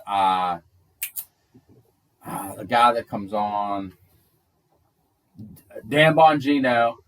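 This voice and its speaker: A man's voice: mid-range voice, fairly bright tone, distant mic. A man co-hosting a casual podcast chat, emphatic and agreeable, piling up examples to make his point. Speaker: podcast co-host.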